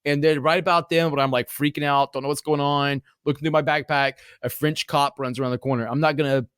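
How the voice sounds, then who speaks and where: A slightly high, fast-talking man in his forties, guesting on a podcast, spins rambling and profane yarns casually, retelling them with animation. His tone is clean and the studio-quality recording is dry.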